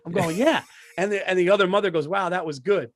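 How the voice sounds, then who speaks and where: Excitable, profane middle-aged man storyteller. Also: high-pitched, brisk, dry recording. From United States. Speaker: podcast co-host. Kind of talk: casual comedic storytelling. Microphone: studio microphone.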